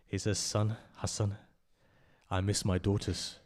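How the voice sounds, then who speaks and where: A man delivers a passionate recitation to mourners in a religious centre hall, building to loud cries before falling low again. He often turns to the crowd with direct questions, his delivery flat and a little slow.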